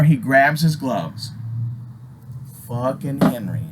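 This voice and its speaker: A man telling a story in a loose, profane, animated way with big swings in his voice. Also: mid-range voice, moderate pace, slight background noise. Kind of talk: casual spoken storytelling.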